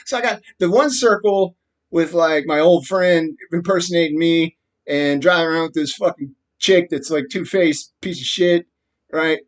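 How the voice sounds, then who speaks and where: A man's voice: on the high side, moderate pace. Agitated, profane man ranting to camera. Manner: frequent laughs and repeated "right?". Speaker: vlogger. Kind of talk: rambling monologue.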